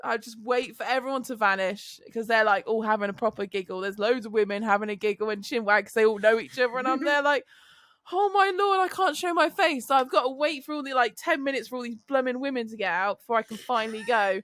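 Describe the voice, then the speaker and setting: A British woman in her thirties co-hosting a casual podcast, telling animated, laughing stories with blunt swearing. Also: fairly high pitch, quick pace, hardly any pauses, dry recording. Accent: British English. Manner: animated storyteller, laughs often, swears freely. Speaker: podcast co-host, lorry driver. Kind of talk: casual chat.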